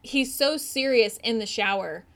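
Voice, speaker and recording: A woman's voice: a little high, unhurried, a bit bright. A woman co-hosting a podcast, talking frankly and casually with swearing and laughter. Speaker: podcast co-host. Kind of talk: casual chat about a film.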